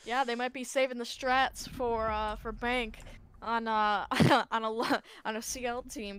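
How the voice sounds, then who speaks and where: A woman's voice: fairly high pitch, fairly even intonation, measured pace, fairly bright tone. A tired woman casting an esports match live, chatty and breaking into small laughs as she talks through the picks. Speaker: esports caster.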